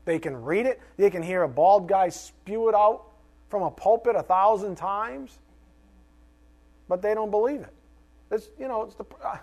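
A middle-aged male pastor preaching a sermon, animated, with rhetorical questions and joking asides. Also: sits high, normal speed.

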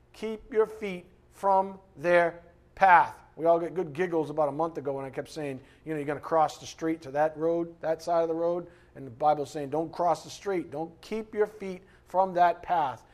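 A high-pitched man preaching an informal sermon in a blunt, fiery way. He swings from loud, punchy bursts to low, quiet asides. When he reads scripture he slows right down and leans on every word. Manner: reads scripture slowly with emphasis.

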